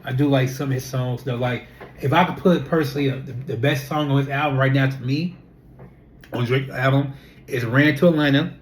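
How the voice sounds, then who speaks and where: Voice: medium pitch, brisk, slight background noise. Chatty young vlogger. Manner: animated, chatty, full of rhetorical questions and repeated fillers. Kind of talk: casual talking-to-camera monologue.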